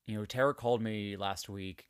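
A man's voice: fairly low pitch, fairly even intonation, moderate pace, clear, resonant tone, no room sound, studio quality. A man hosting a podcast in a candid, emotional monologue, swearing freely as he rants. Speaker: podcast host. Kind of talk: casual podcast chat.

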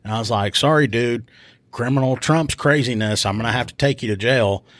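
A man, a police officer and podcast host, telling a casual story about an arrest, animated and swearing freely as he acts out voices. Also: mid-range voice, brisk, dry recording.

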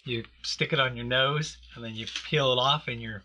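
A man's voice: mid-range voice, fairly even intonation, normal speed, noisy background. A man hosting a casual, joking chat with a co-host, laughing often.

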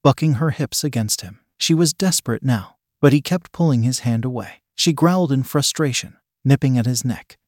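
A man narrating an adult romance story at a steady, unhurried pace. His voice sits in an ordinary middle pitch, and the recording is dry and close. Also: no room sound.

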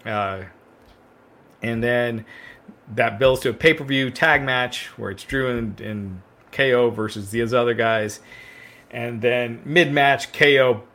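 Casual co-host, man, mid-pitched, rambling and filler-heavy, a few drinks in. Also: takes it slowly, sharp tone. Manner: rambling, fills with "uh" and restarts. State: drinking wine, relaxed. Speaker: podcast co-host. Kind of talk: casual wrestling chat.

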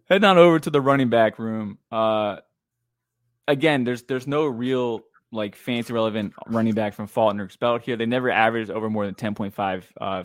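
A man's voice: medium pitch, dry recording. A man co-hosting a casual fantasy football podcast, talking loosely with lots of fillers and blunt opinions. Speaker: podcast co-host.

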